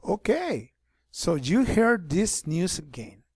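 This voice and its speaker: A man teaching an online class, explaining things slowly and switching between English and Spanish. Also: high-pitched, very animated, a little mellow, husky, dry recording, clean studio sound.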